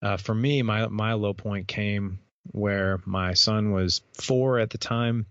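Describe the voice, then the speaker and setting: A man in his thirties tells a candid personal story with a low, gravelly voice. He talks earnestly and often restarts and repeats words. The sound is dry, dull and lo-fi. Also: fairly even intonation, slow pace, fairly bright tone, dry recording. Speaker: podcast host and guest speaker.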